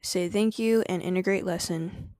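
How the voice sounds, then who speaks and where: A woman's voice: lowish voice, fairly even intonation, normal speed, warm tone, no room sound. A woman hosting a casual live stream, slangy and laughing often as she answers chat and drifts into spiritual preaching. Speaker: livestream host.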